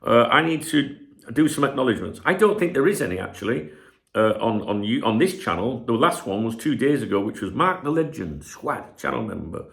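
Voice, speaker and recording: Gravelly male host, middle-aged, rambling home chat with lots of swearing and a lively, bouncing delivery. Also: mid-range voice, fairly quick. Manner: rambling, swears freely, loses his train of thought. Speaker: channel host. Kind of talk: casual rambling chat to camera. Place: home room where he streams.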